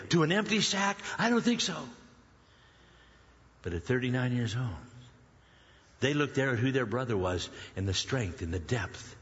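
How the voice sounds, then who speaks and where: Preacher man in a reverberant hall. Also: medium pitch. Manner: animated storytelling, acts out biblical characters in quoted voices. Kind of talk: sermon. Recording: dull sound with long hall reverb.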